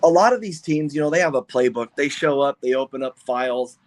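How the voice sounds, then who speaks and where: Excited rambling man telling racing stories. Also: mid-range voice, a little fast. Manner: excited, rambling, full of restarts. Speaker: funny car team owner and driver. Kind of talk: podcast interview, casual storytelling.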